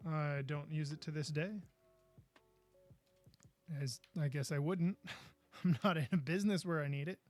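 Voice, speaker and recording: A man's voice: on the high side, steady tone, measured pace, pauses often, dry recording, faint music behind. A man hosting a live podcast, chatting casually and goofily while he builds, with frustrated outbursts. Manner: goofy, chatty, exclaims in frustration. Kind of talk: casual live-stream chat.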